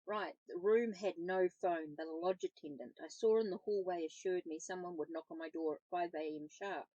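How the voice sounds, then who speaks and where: Calm woman reading a novel aloud. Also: fairly low pitch, normal speed, no room sound, lo-fi sound. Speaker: host and book reader.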